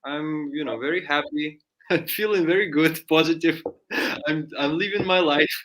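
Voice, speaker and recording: A man doing a timid, wounded snake, pitched up. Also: moderate pace, a bit bright, lightly acted. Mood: plaintive.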